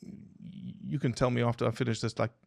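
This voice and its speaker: This male biologist, guesting on a podcast, speaks in a mid-range voice at a slightly fast clip, with vocal fry. He's an animated explainer who spins stories, quizzes his hosts, and poses questions to listeners during the interview. The sound is dry and of studio quality.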